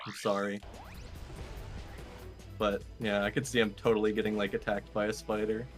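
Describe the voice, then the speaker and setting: A man's voice: fairly low pitch, level tone, moderate pace, soft background music. Easygoing young man teasing a friend. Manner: easygoing, teasing, laughs along. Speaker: speedrunner. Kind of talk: casual chat while gaming.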